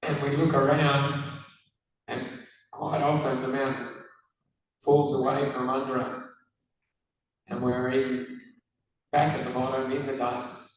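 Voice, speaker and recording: A man, hoarse from a cold, asking an earnest question from the audience. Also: mid-range voice, flat delivery, unhurried, pauses often. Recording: distant, echoey hall mic with faint room noise.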